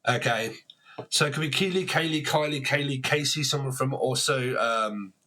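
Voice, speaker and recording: A man's voice: mid-range voice, normal speed, pushed and bright. A man giving a casual tarot reading to camera, rambling, swearing freely and laughing at himself. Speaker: tarot reader.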